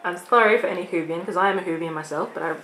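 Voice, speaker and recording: A woman's voice: fairly low pitch, rapid-fire, bright, forceful tone. Rambling Australian woman in an echoey room. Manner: rambling, laughs often, restarts sentences. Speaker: vlogger. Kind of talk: casual chat. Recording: echoey room with faint noise.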